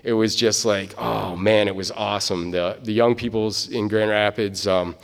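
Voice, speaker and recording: A man's voice: fairly low pitch, fairly even intonation, moderate pace, vocal fry. Man from Michigan, recovery speaker, rambling and filler-heavy, echoey hall recording. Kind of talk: personal testimony storytelling.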